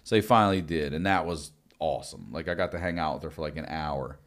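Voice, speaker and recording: A man's voice: very deep voice, quick pace. A man telling stories in a casual podcast chat, cursing freely and acting out quoted dialogue. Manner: profane, animated storytelling with quoted dialogue. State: recovering from lung blood clots. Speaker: guest.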